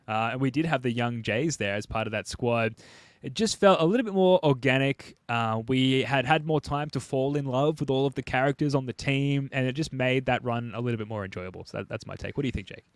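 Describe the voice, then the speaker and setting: A man in the middle of the pitch range hosts a casual sports podcast, talking animatedly and hedging his points with a self-deprecating touch. The sound is dry and close to the mic. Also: fairly quick, no echo. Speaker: podcast host.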